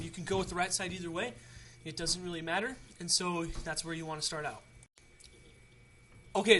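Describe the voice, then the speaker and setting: A man's voice: sits high, pushed and bright, a little hiss or hum. A young man hosting a casual how-to video, chatty and rambling with frequent restarts. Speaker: tutorial host.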